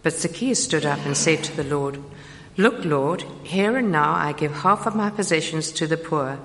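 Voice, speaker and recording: A woman reading a Bible passage aloud slowly and carefully in church. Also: low-pitched, fairly bright tone, long reverb tail, a little hiss or hum. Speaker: scripture reader.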